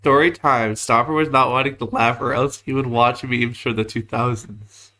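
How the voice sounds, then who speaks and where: A man's voice: mid-range voice, fairly even intonation, moderate pace, sharp tone. A man streaming live, chatting casually and joking at himself while reacting to videos. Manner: joking, chatty, self-mocking.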